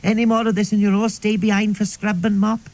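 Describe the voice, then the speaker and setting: A man's voice: sits high, flat delivery, a little mellow, pitched above the performer's own voice, natural voice. A man putting on a strict, prim older female schoolteacher in a radio comedy monologue. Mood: stern. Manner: prim and clipped, quickly shrieking.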